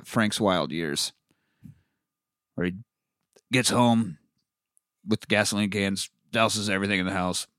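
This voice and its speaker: His voice sits low, clear and resonant, captured in studio quality with no room sound. He's a podcast co-host swearing his way through a lively movie recap, performing the characters' dialogue as he goes.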